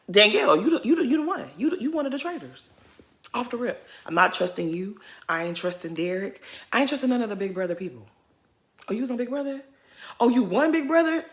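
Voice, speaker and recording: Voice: medium pitch, sharp tone. A commentator giving sassy, casual reaction commentary on a reality show, talking straight at the cast.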